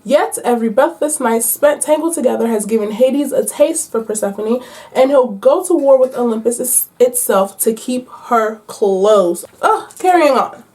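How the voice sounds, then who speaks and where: A woman's voice: on the high side, moderate pace. A woman book vlogger chatting casually and playfully with her viewers about her reading picks. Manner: chatty, animated, playful slang. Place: at home.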